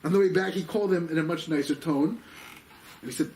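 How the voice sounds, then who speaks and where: This fast-talking rabbi teaches Torah through animated tales, dropping Yiddish and Hebrew terms and impersonating the figures with sudden pitch leaps. The recording comes from a distant mic, with faint noise in the background.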